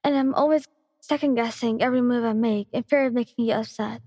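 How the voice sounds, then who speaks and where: A woman voicing a sad young girlfriend breaking up, in a breathy, tearful ASMR storytelling voice. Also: on the high side, fairly even intonation, fairly quick, dry recording, clean studio sound, long reverb tail, lightly acted. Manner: tearful, hesitant and quiet. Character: sad, tired young girlfriend ending things.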